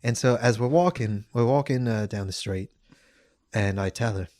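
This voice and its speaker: A man's voice: medium pitch, normal speed, no room sound. A man casually telling a funny story on a podcast, laughing often. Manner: animated, laughing, slips into a mock British accent for quotes. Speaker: podcast host.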